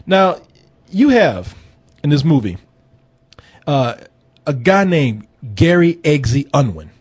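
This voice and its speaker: Husky, animated man reviewing a film. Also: a little high. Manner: animated, joking and profane. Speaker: movie review podcast host. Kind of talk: casual chat.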